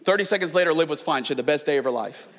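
A man in his thirties preaching a sermon in a large church, telling stories with animated energy that climbs to near-shouts. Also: fairly high pitch, racing. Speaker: pastor. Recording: long hall reverb.

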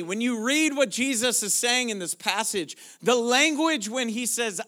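A man pastor preaching a sermon, moving from quiet questions to loud, shouted declarations. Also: very high voice, expressive, unhurried, hardly any pauses.

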